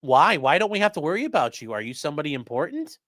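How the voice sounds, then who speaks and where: A man's voice: a little high, sing-song, fast, a bit bright, no room sound, studio quality. A man doing mocking, sarcastic live-stream commentary while reading chat, swearing often.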